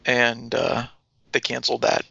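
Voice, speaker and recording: A man co-hosting a podcast in casual, animated chat, swearing freely. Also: medium pitch, unhurried, creaky, breathy edge, no room sound, muffled recording. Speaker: podcast co-host.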